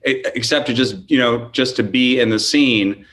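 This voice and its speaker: A man's voice: medium pitch, fairly bright tone. A middle-aged man, a guest on a podcast, reminiscing in easygoing casual chat. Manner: easygoing, reminiscing, quick to laugh.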